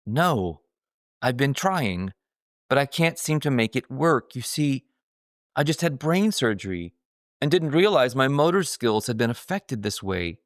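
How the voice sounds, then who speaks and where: A man voicing a frail elderly woman who is frightened and politely pleading, in a soft, shaky manner. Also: mid-range voice, big pitch swings, unhurried, no room sound, clean studio sound, voice pushed up.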